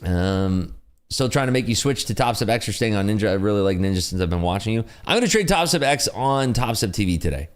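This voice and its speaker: A young adult man hosting a day-trading livestream, chatting casually with viewers in an animated, ranting way full of fillers. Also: on the low side, quick pace. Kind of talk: casual livestream chat answering viewer questions.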